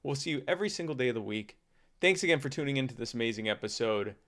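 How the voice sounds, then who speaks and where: A man's voice: mid-range voice, fast, fairly bright tone. A man co-hosting a podcast in casual chat, joking and tossing off mumbled asides. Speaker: podcast co-host.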